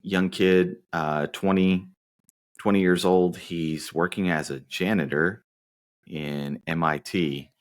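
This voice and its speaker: A man with an extremely deep voice co-hosts a movie podcast in easy, casual chat. He teases his partner and wanders through long plot summaries. He is from the American South. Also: fairly even intonation, slow. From Southern United States. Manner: teasing, rambling plot summaries. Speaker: podcast co-host.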